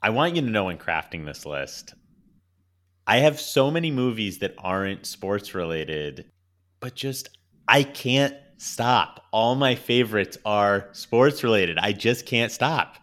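A man's voice: lowish voice, animated, measured pace, a bit bright. A man in his thirties co-hosting a podcast, chatting in a laid-back way and swearing casually. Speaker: podcast co-host. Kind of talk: casual chat.

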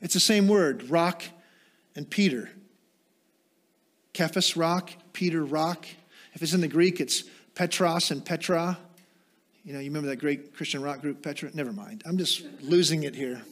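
High-voiced man preaching a sermon. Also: normal speed, pauses often. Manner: rhetorical questions, shifts from rising fervor to quiet teaching asides. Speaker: pastor.

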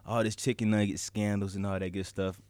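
A man's voice: fairly low pitch, level tone, brisk, a little mellow, no room sound. A man co-hosting a podcast in casual, slangy chat, laughing often and talking straight to the chat. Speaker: podcast co-host.

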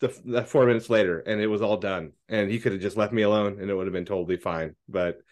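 A man co-hosting a podcast, chatting casually and telling stories, swearing freely and loudly acting out quoted lines. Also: on the low side, steady tone, fast talker. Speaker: podcast co-host. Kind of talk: casual chat, storytelling.

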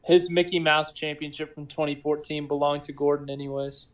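A man's voice: a little high, monotone, a little fast. A man co-hosting a casual sports podcast, joking and teasing his co-host.

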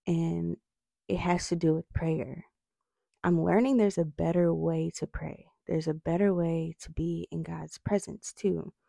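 Gravelly low-voiced woman teaching on prayer. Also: steady tone, unhurried, mellow, dry recording. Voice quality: slight lisp from retainers. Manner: earnest, says "right?" often. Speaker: faith vlogger. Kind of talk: devotional teaching talk.

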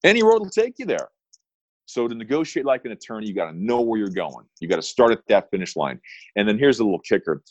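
A man's voice: on the low side, lively intonation, fast, darkish tone, dry recording, dull audio. A middle-aged man, an attorney talking as a guest in an interview, telling stories with emphatic, punchy repeated phrases. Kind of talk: interview storytelling.

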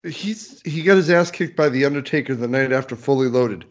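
A man's voice: mid-range voice, fairly quick. A man co-hosting a casual chat podcast, laughing often and restarting his sentences. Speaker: podcast co-host.

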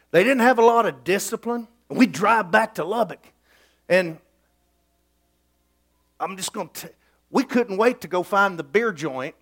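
A man's voice: sits high, a bit bright. A middle-aged man preaching a sermon in a folksy, emphatic storytelling way.

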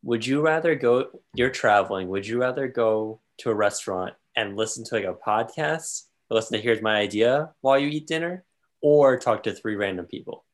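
Guy cohost, mid pitch, playful, always asking what if. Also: lively intonation, normal speed. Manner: playful, poses hypotheticals. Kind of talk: casual brainstorming chat.

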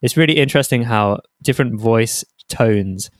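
A man's voice: mid-range voice, normal speed, dry recording, studio quality. A man hosting a podcast, chatting in a curious, thoughtful way and laughing easily. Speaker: podcast host. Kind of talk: casual podcast interview.

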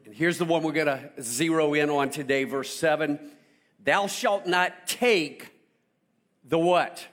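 A man's voice: on the high side, measured pace, a bit bright. A middle-aged man from South Carolina preaching a sermon in church, telling a childhood story with call-and-response. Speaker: pastor.

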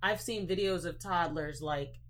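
A woman's voice: on the low side, unhurried, fairly bright tone. A woman hosting a casual podcast, talking through her opinions in an easygoing conversational way. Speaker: podcast host.

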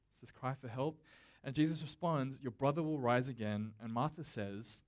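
A man delivering a sermon in an easygoing, conversational tone, speaking directly to his congregation. His voice sits at an ordinary, middling pitch. He preaches with casual fillers and restarts rather than formal oratory. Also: steady tone, moderate pace, hardly any pauses. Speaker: pastor.

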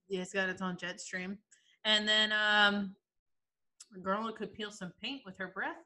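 A woman in her twenties chats casually with a friend, telling a comic story. She sounds animated and laughs often. Her voice is bright and forceful. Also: medium pitch, unhurried. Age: 20s. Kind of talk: casual chat.

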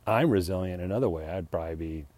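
Deep-voiced man rambling and self-deprecating. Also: rapid-fire, darkish tone, no echo. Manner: acts out heated retorts, laughs often. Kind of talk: rambling personal reflection.

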